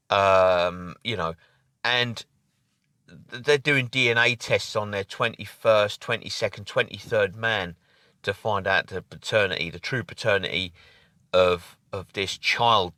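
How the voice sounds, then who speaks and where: A man's voice: fairly low pitch, pushed and bright, dry recording, studio quality. A man talking casually to camera in a rambling opinion monologue with many fillers and restarts. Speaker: vlogger.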